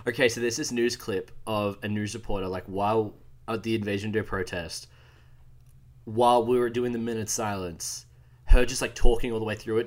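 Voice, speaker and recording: Lower-voiced Australian man, rambling chat. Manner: rambling storyteller, swears freely. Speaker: podcast co-host. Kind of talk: casual podcast chat.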